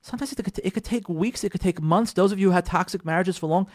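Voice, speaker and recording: A man teaching a marriage advice class as a rabbi, pleading with his listeners, repeating his points and swinging between loud bursts and quiet asides. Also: sits high, quick pace, dry recording, studio quality. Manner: emphatic and repetitive, pleading with listeners directly.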